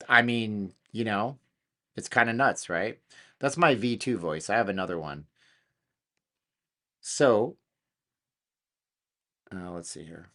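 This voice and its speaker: A man hosting a casual studio chat, excitable and slangy, thinking aloud as he talks. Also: lowish voice, slow, long pauses. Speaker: channel host. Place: home studio.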